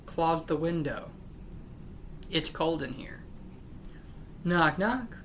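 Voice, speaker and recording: A woman with a deep, expressive voice hosts her channel, reading jokes aloud one after another at a slow pace. She is unimpressed and breaks off to grumble that they aren't funny. There's slight background noise.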